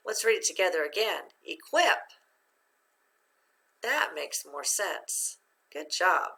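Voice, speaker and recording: A woman teacher giving a recorded phonics lesson, talking slowly and patiently and guiding her students step by step. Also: medium pitch, bright, forceful tone.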